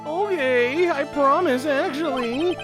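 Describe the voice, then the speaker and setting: A man voicing a timid young girl spirit medium who speaks in a high, trembling, apologetic way. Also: slow pace, music in the background. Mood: hesitant.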